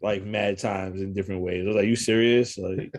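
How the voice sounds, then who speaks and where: A man chats in a slangy, laid-back way. His voice sits on the low side, and he tells stories with frequent laughs. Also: level tone, brisk, darkish tone. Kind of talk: casual chat.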